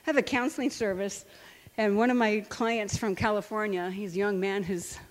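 An older woman sharing personal stories in a sermon, animated and quick to laugh. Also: mid-range voice, long reverb tail. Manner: animated storytelling, laughs often. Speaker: Christian speaker and counselor.

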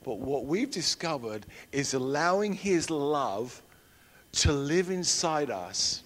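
A middle-aged man preaching a sermon and telling personal stories, shifting from loud emphatic declarations to hushed storytelling. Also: fairly high pitch, sing-song, slow. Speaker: preacher and missionary trainer. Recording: long hall reverb.

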